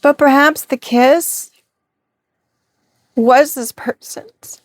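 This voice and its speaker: A woman's voice: high voice, fairly even intonation, extremely slow, no echo, studio quality. A woman giving a reflective spiritual reading to camera, posing rhetorical questions. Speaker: tarot reader.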